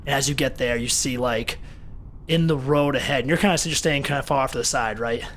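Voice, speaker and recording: A man's voice: medium pitch, a little fast, fairly bright tone, slight background noise. A man narrating as game master of a tabletop game, rambling and repeating words as he thinks.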